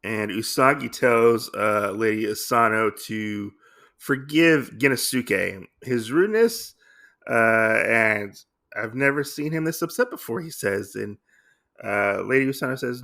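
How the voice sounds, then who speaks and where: A man's voice: mid-range voice, expressive, measured pace, gravelly, sharp tone. A man casually recapping a comic story, rambling with lots of fillers and restarts. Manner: rambling with many fillers and restarts, reads lines in loose voices. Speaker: podcast host recapping a comic.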